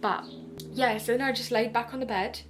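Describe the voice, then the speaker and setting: A young woman vlogger from the UK telling a story in a chatty, animated way, acting out the dialogue. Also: a little high, a little fast. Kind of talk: casual storytelling to camera.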